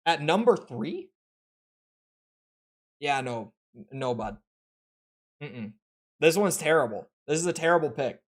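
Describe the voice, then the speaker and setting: A man's voice: a little high, unhurried, long pauses. A young man with an American Midwestern accent chatting casually on a live game stream, opinionated and rambling. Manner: opinionated, animated, rambling with restarts.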